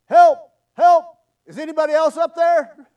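A preacher doing a desperate man yelling from a cliff. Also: a little high, animated, unhurried, far from the mic. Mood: frantic. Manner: frantic yelling for help. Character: panicked man hanging from a cliff.

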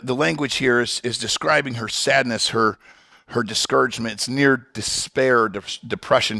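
A man's voice: medium pitch, creaky, pushed and bright, dry recording, studio quality. A man preaching a sermon as pastor, emphatic, often restarting his words.

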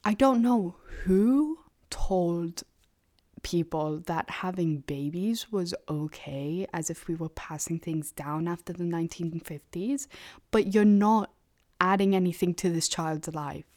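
A woman's voice: on the low side, fairly even intonation, measured pace, a little mellow. A young woman hosting a solo podcast, rambling bluntly and sarcastically and often dropping into a half-whisper. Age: young adult. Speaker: podcast host. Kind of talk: casual solo podcast monologue.

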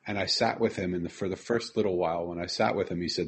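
A man's voice: deep voice, fairly even intonation, fast talker, hardly any pauses, slightly rough. A man earnestly telling a personal story, repeating phrases and quoting the people he met.

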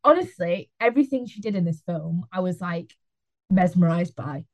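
A woman's voice: fairly low pitch, expressive, moderate pace, a little mellow. A young woman co-hosting a film review podcast, chatting enthusiastically and saying "like" a lot. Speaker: podcast co-host. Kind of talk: casual film review chat.

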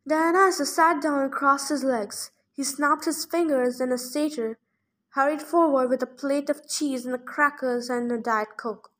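A woman giving a plain, steady audiobook narration of a novel chapter. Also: high-pitched, normal speed. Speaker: audiobook reader.

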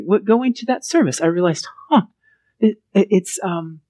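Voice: mid-range voice, lively intonation, moderate pace, dark tone, no room sound. A pastor from Texas preaching a sermon in a chatty, conversational way, often checking in with the listeners by asking "right?". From Texas, USA.

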